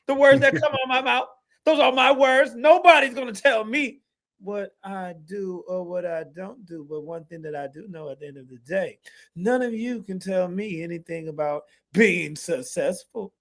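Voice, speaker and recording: A man's voice: sits high, moderate pace, a bit bright. A man putting on an impression of a bombastic, boastful male sports pundit who makes emphatic pronouncements. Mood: blustering.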